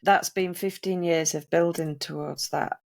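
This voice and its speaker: A woman's voice: fairly low pitch, steady tone, unhurried, vocal fry. A woman hosting a casual podcast interview, affirming her guest and asking follow-up questions. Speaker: podcast host.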